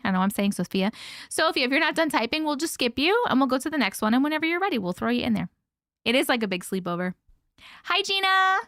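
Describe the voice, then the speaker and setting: Long island lady chatting on a live stream, kinda high voice, giggly, swears a lot, dry close sound. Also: fairly bright tone, no room sound. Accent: Long Island New York. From Long Island, New York. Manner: chatty, giggly, swears freely, reads chat aloud. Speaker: host. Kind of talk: casual livestream chat.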